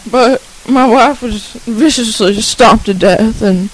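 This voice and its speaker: A man's voice: very high voice, takes it slowly, heavily acted, rough recording. A man playing a grieving old rural farmer who talks mournfully and takes offense easily.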